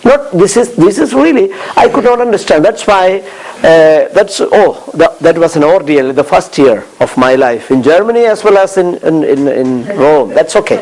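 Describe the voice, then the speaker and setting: A man's voice: on the high side, expressive, moderate pace, darkish tone, rough recording. A man with an Indian accent, a priest chatting casually and telling stories with chuckles and many restarts. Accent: Indian English. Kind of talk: casual chat.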